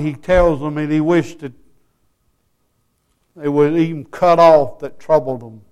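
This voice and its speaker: High-voiced preacher, slow delivery. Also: male voice, clean tone. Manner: folksy storytelling with sudden loud whoops. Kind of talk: sermon.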